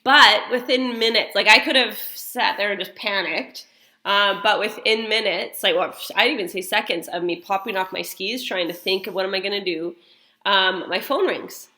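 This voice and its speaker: Woman, 30s-40s, church mom, casual storyteller, bright crisp voice, filler-heavy delivery. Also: medium pitch, moderate pace. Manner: chatty, rambling, full of fillers and restarts. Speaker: mother leading a church welcome and prayer. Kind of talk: casual storytelling and spoken prayer.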